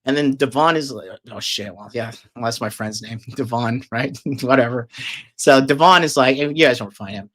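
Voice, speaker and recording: A man's voice: mid-range voice, moderate pace, fairly bright tone. A man telling a long, casual story, rambling and swearing heavily with lots of fillers. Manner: profane, rambling, filler-heavy.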